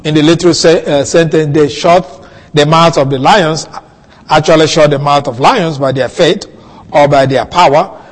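A man preaching a sermon, teaching slowly through a Bible passage with soft chuckles and questions to his listeners. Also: a little high, long reverb tail.

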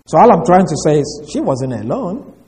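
Animated male Bible teacher. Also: a little high. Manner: deliberate, explanatory, emphatic.

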